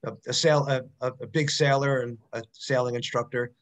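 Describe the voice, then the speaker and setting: A man's voice: mid-range voice, steady tone, fairly quick, fairly bright tone. A man hosting a poetry evening over a video call, speaking hesitantly with friendly restarts. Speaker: poetry event host.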